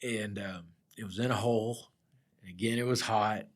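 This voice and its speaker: In a casual podcast chat, a middle-aged project surveyor rambles easily through stories from his work, laughing often. He speaks at a moderate pace in a steady tone, his voice on the low side.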